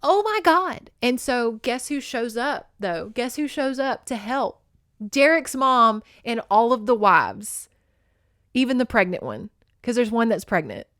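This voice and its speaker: A woman hosting a podcast, recapping a romance novel in an excitable, profane and chatty way, and reading passages aloud. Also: on the high side, a little slow, no echo, studio quality. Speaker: podcast host. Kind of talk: casual book recap with read-aloud passages.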